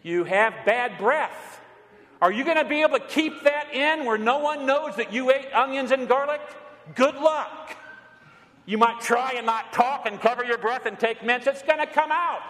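A male pastor delivering a sermon in a church, swinging between raised and hushed delivery and leading the congregation in responses. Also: very high-pitched, normal speed. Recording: reverberant church hall.

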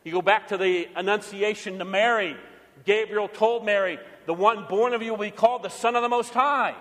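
A man's voice: high voice, fairly even intonation, normal speed, a bit bright, in a large hall. A man preaching a sermon, emphatic and repeating key phrases. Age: older. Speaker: pastor.

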